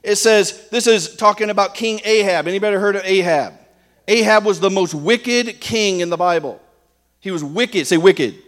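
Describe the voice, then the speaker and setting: A preacher with a high male voice delivers an emphatic sermon. He keeps firing rhetorical questions at the congregation and slows down to hammer home the lines that matter. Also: fairly bright tone.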